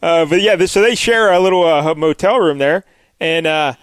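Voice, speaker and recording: Man, podcast co-host, casual comic chat, laughs often, slightly high voice, dry sound. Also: normal speed, clean tone, no echo. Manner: laughs often, joking asides.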